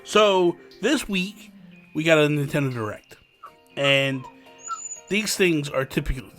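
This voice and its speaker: A man co-hosting a casual gaming podcast, chatty and excitable, full of fillers. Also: fairly high pitch, measured pace, long pauses, faint music behind. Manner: chatty, excitable, many fillers like "like" and "you know". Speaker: podcast co-host.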